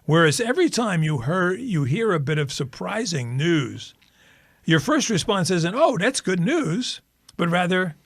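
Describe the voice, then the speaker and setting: A man's voice: sits high, moderate pace, gravelly, no room sound. A man co-hosting a podcast, telling stories in casual chat with frequent laughter. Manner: animated storyteller, laughs often. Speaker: podcast co-host and author.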